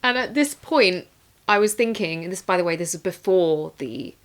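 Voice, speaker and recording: A woman's voice: lowish voice, animated, moderate pace. Woman co-host, laughing film chat. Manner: laughs often, thoughtful, retells plot. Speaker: podcast co-host. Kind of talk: casual film review chat.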